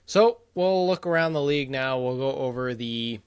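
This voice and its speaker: A man's voice: medium pitch, lively intonation, moderate pace, clean tone. Blunt, opinionated male podcast host. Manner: opinionated, blunt, rattles off scores. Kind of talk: casual sports podcast chat.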